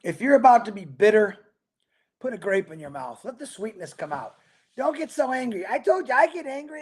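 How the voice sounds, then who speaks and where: A man hosting a casual livestream, rambling upbeat as he greets viewers by name, talking fast and a bit mumbled. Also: sits high. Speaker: livestream host. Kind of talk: casual livestream chat reading viewer comments.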